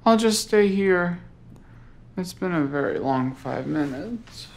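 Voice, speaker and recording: An actor playing a clueless, self-absorbed young boyfriend in a comedy sketch, talking deadpan and self-pitying. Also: male voice, high-pitched, slow, vocal fry, slight background noise, exaggerated voice. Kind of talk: scripted comedy sketch acting.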